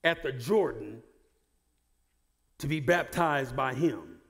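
A male pastor preaching a sermon who repeats and restarts words and builds to shouted emphasis. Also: mid-range voice, expressive, slow pace, big-room sound. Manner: repeats words and stumbles on starts.

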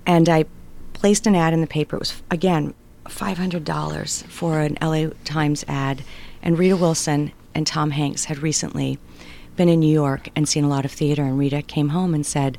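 A middle-aged woman with a notably low voice tells stories in a relaxed interview. She talks animatedly and slips into the voices of the people in her anecdotes. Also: moderate pace, creaky. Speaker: guest, writer and performer. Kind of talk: conversational storytelling interview.

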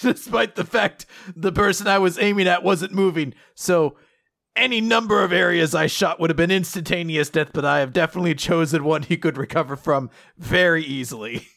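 A man's voice: high voice, creaky, pushed and bright, dry recording, clean studio sound. A man casually recapping a manga with a co-host, sarcastic and often laughing, sometimes acting out lines. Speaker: podcast co-host.

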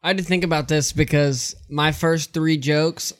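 A man telling a long farm joke on a podcast, in a relaxed, unhurried storytelling manner. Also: on the high side. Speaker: podcast co-host.

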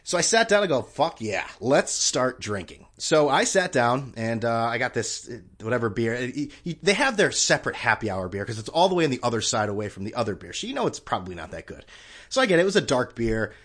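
A man's voice: mid-range voice, sing-song, fast, fairly bright tone. Rambling, sarcastic male podcast host. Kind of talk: casual solo podcast rant.

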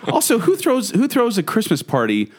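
Man, podcast co-host, casual debate, teasing, very expressive pitch. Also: normal speed. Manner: animated, teasing, argumentative.

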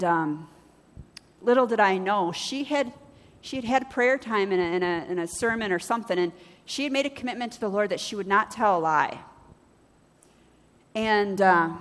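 A woman pastor with a mid-range voice preaches a sermon, telling stories and acting out both sides of conversations with lively shifts. Her voice carries a long reverb tail.

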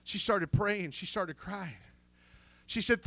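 A male pastor delivers a fervent sermon in a strikingly high voice. His tone is bright and ringing, and the sound is close and dry. He restarts phrases and throws in calls of amen as he preaches. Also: normal speed, no echo.

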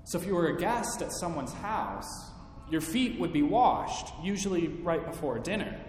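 A male pastor delivering a sermon, slow and deliberate with dramatic pauses. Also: expressive. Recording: echoey hall, faint rumble.

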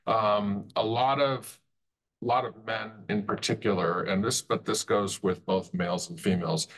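Low-voiced male podcast host. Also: fairly even intonation, normal speed. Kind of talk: interview questions.

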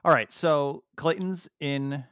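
A man's voice: fairly high pitch, steady tone, takes it slowly, fairly bright tone, a little hiss or hum. A man co-hosting a podcast in casual chat, joking around and restarting his sentences as he goes. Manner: jokey, rambling with restarts. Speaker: podcast co-host. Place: at home in the US. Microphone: remote call recording.

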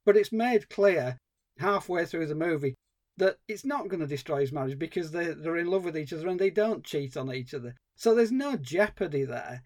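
A man's voice: a little high, animated, normal speed, a little mellow. A man co-hosting a film podcast, ranting in an exasperated, casual review style. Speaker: podcast co-host.

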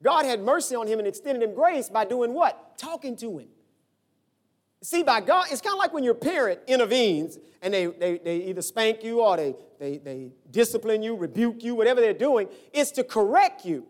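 High-voiced pastor, lively sermon. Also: male voice, moderate pace. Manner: animated storytelling, acts out quoted voices, swings from shouts to low asides.

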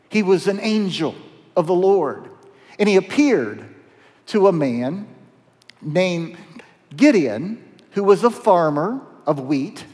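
Male pastor, storytelling sermon, animated and playful, heard with long hall reverb. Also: high voice.

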